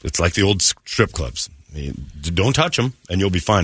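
A man's voice: low-pitched, very animated, normal speed, fairly bright tone, husky, no echo, clean studio sound. A man hosting a morning radio show, telling a story in casual banter and slipping into quoted voices.

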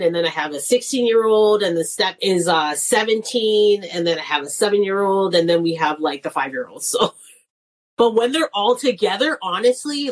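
A middle-aged woman comedian talking casually in an interview, chatty, often laughing and acting out quoted voices. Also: mid-range voice. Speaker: guest comedian.

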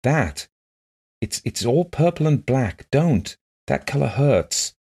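A man reading the part of a gentle, shy blind woman who talks softly and earnestly in simple phrases. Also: on the low side, animated, normal speed, gravelly, pitched above the performer's own voice.

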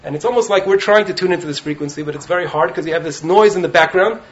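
Talking very fast in a high-pitched, slightly raised voice, a yeshiva rabbi gives students a lively Torah talk in the study hall, checking in with "right?" again and again. The recording is muffled and lo-fi, and faint noise runs beneath it.

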